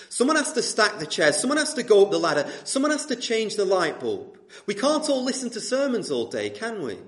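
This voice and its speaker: A man's voice: high-pitched, fairly bright tone. A man in his twenties preaching a sermon to a congregation, asking rhetorical questions and repeating phrases for emphasis. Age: 20s. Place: church hall with congregation.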